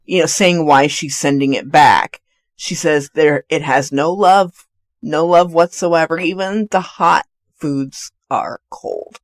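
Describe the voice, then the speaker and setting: A woman's voice: deep voice, slow, no echo, studio quality. A woman co-hosting a podcast, chatting casually about a film and laughing often. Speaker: podcast co-host. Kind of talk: casual movie recap chat.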